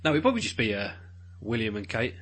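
A man's voice: lowish voice, big pitch swings, quick pace, a bit bright, husky. A man, teasing and laughing as a podcast co-host in casual chat. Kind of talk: casual banter.

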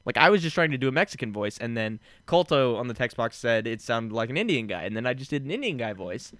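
Bright, clear-voiced joking man. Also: mid-range voice, expressive, quick pace, few pauses, no room sound. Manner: jokey, rambling, laughs often. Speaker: podcast host. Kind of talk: casual podcast chat.

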